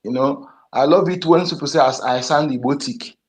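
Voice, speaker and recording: Man, igbo nigerian accent, somewhat high voice, emphatic, repetitive, restarts a lot. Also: moderate pace. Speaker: speaker in an online discussion. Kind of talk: impassioned political talk.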